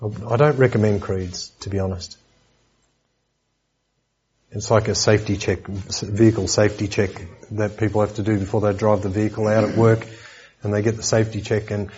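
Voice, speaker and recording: A man's voice: lowish voice, flat delivery, fairly quick, dark tone, breathy edge, lo-fi sound. A man preaching a sermon lesson in a conversational way, with joking asides and repeated words.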